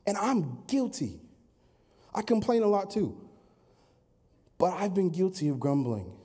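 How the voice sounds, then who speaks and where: A man preaching a Sunday sermon, acting out complaining voices and rising to loud, emphatic peaks. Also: high voice, sing-song, measured pace, slightly rough. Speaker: pastor.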